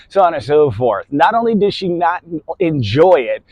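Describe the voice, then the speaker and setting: A man's voice: on the high side, big pitch swings, moderate pace, a little mellow, dry recording, dull audio. A man hosting a motivational talk, stressing key words with volume and often saying "so on and so forth". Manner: keeps repeating "so on and so forth". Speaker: host.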